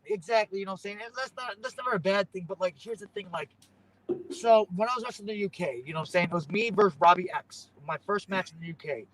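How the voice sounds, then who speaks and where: A man's voice: sits high, fast talker, fairly bright tone, slight background noise, poor audio. A young man, a pro wrestler, chatting in an interview, rambling and tagging "you know what I'm saying" onto his thoughts. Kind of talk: casual interview chat.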